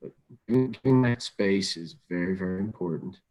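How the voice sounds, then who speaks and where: Low-voiced calm male webinar presenter. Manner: calm, measured, repeats words as he thinks aloud. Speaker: webinar presenter on crisis intervention. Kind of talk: instructional webinar talk.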